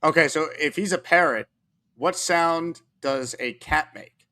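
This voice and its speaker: A man's voice: fairly high pitch, measured pace, pushed and bright. Teasing male talk-show host. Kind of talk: playful talk-show banter.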